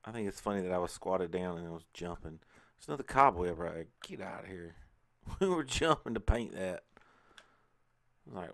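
A man's voice: deep voice, expressive, a little fast, creaky. A man hosting a casual let's play, chatting and talking to himself as he plays. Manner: chatty, talks to himself while playing. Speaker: gaming channel host.

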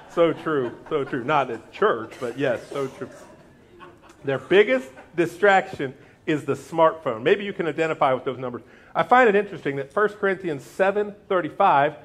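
Upbeat pastor, man, higher-pitched. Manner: lively, joking banter with the congregation; asks the audience questions and urges them to repeat after him. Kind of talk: sermon.

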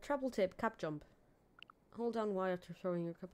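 A woman's voice: medium pitch, normal speed, a little mellow, smooth. Rambling, chatty woman streaming a game. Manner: chatty, rambling, self-mocking, swings from mumbles to squeals. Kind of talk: casual let's-play commentary.

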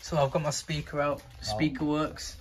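A young man chatting excitedly in a casual vlog, full of slangy banter with his mates. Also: a little high, normal speed. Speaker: vlogger. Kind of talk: casual vlog chat with friends.

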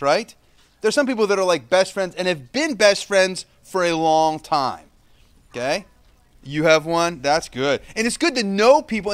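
A man in his thirties, a pastor, giving a children's sermon at an outdoor church service and telling stories in a lively way. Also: high-pitched. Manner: lively storytelling with acted-out quotes.

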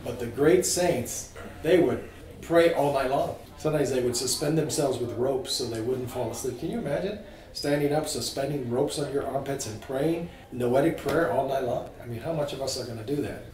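A man teaching a small group about scripture, informal and animated, asking his listeners questions. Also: mid-range voice, brisk, echoey room, recorded from a distance, poor audio. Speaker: priest teaching a catechism class.

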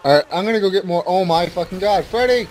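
A man with a high voice chatting while gaming, exclaiming and swearing. Faint game noise runs behind him. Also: lively intonation, quick pace, a little mellow. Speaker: gamer. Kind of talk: excited co-op let's play chat.

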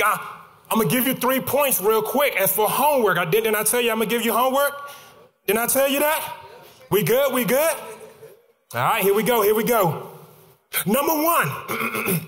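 High-voiced preacher with sung cadences. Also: male voice, lively intonation, moderate pace, long pauses. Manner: preaching with sung, shouted cadences and call-and-response. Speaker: pastor. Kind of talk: sermon. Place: church sanctuary. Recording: church hall reverb with music behind.

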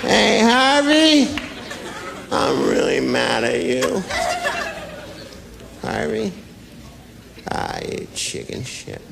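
A stand-up comedian in his act, playing a sloppy drunk man who holds a grudge and slurs, mumbles and bursts out loud. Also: a little high, huge pitch swings, very slow, creaky, long pauses, heavily acted. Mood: grudging. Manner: slurring, mumbling, sudden loud outbursts. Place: comedy stage before a live audience. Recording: noisy live club with audience laughter. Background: crowd laughter.

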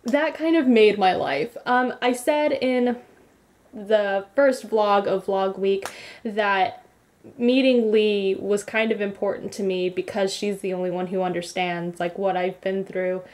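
A woman's voice: mid-range voice, measured pace. Giggly, rambling young woman vlogger. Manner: rambly, giggly, animated retelling. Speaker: beauty vlogger. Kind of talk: casual vlog recap.

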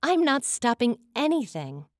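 A woman reading the part of a young fae woman cornered and fighting back, her voice pushed into urgent, strained pleas. It sits high and turns sharp when she yells. The sound is close and dry, like a storybook read in a small booth. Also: big pitch swings, a little slow, no echo. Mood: tense. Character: young fae woman student, desperate and determined.

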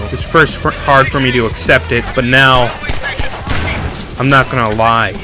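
Excitable gamer guy yelling over game music. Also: medium pitch, measured pace. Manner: excitable, yelling and repeating himself in panic. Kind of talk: let's play commentary.

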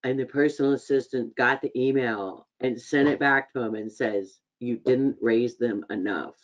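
A woman's voice: very deep voice, moderate pace, highs cut off. A woman on a video call, chatting and sharing an anecdote about her husband. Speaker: participant. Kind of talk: casual chat on a video call.

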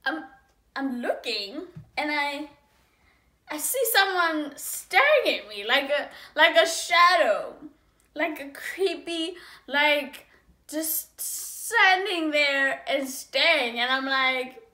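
A young woman tells a story to camera in a high, bright voice that swings between loud outbursts and hushed asides. Her words ring in an echoey room. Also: takes it slowly. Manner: animated, acts out dialogue with big swings in loudness. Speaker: vlogger telling a story. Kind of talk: casual storytime.

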